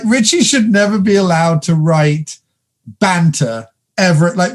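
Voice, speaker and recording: A man with a fairly high voice, talking fast and getting animated as he picks a film apart. He swears freely and laughs through his rant, in a casual podcast chat. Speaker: podcast co-host.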